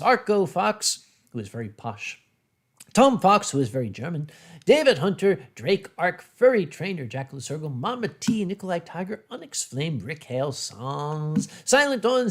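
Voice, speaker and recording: A man hosting a casual drinking livestream talks bluntly and brashly. His voice sits fairly high and swings widely in pitch. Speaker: livestream host. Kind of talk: casual drinking-stream chat.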